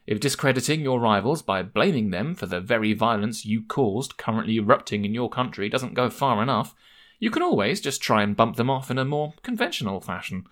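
A man anchoring a satirical news show in a dry, measured newsreading style. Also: mid-range voice, animated, fairly bright tone. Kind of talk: scripted comedy newsreading.

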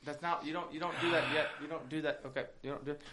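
A man hosting a casual outdoor beer tasting, talking in a bossy, profane way with sudden loud outbursts. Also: on the high side, fairly even intonation, rapid-fire. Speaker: podcast host leading a beer tasting. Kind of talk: casual chat.

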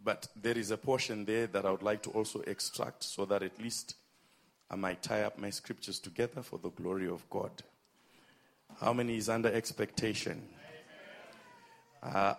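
A man preaching a sermon, with emphatic, drawn-out phrases, calling on the congregation to respond. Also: fairly low pitch, creaky.

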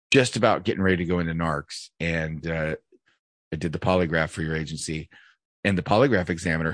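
A man's voice: sits low, fairly bright tone, dry recording, clean studio sound. A man co-hosting a podcast, telling police stories in blunt, profane casual chat. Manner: blunt, profane storytelling with frequent laughs. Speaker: podcast co-host, police officer.

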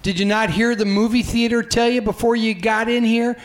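A man putting on a gruff Philly tough guy who barks insults. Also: very high voice, fairly even intonation, brisk. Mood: scolding. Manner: barking insults. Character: gruff angry male theater tough from Philly.

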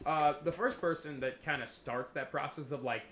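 A man's voice: medium pitch, a little fast, roomy sound, slight background noise. A man hosting a casual podcast, telling a history story with lots of swearing and laughter. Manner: swears freely, laughs often, animated storytelling. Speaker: podcast host presenting a history topic.

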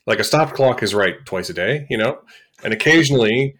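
A man co-hosting a podcast, chatting casually about a film, animated and quick to act out reactions. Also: mid-range voice. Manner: animated, laughing, acts out reactions. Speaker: podcast co-host. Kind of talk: casual film review chat.

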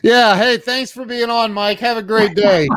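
A male host in casual interview chat who laughs easily and stammers through halting restarts. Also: very high voice, a bit bright, no room sound.

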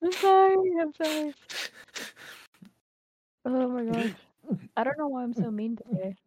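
A woman's voice: sits high, animated, measured pace, mellow, no room sound. A woman co-hosting a casual podcast chat, teasing and swearing at her friends, then apologizing. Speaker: podcast co-host.

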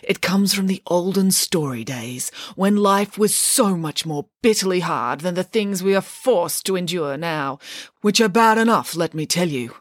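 A woman's voice: lowish voice, dry recording, clean studio sound. A woman voicing a grand, self-assured female pig nanny with pompous, theatrical declaiming. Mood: grandly dramatic.

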